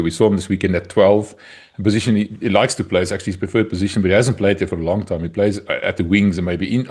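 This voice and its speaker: Husky South African man, relaxed and wry. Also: deep voice. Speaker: podcast co-host. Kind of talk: casual chat.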